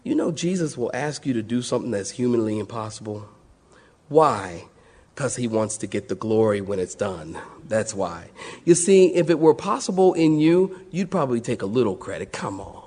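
A man preaching a sermon, dropping low then exclaiming, acting out quotes. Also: normal speed, slightly rough. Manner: animated, swings from low murmurs to high exclaims, acts out quotes. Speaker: pastor.

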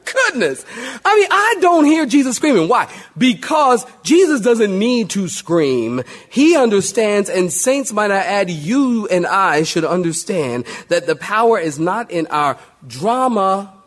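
Pastor guy preaching, kinda high voice, folksy and lively, asks the crowd to say amen. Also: unhurried, few pauses. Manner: folksy, animated preaching with call-and-response. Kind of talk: sermon.

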